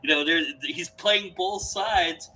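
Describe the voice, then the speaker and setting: A man in casual conversation, excitedly telling stories and often repeating words as he goes. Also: sits high, slow, low-quality recording. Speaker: podcast co-host or guest. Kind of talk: casual chat.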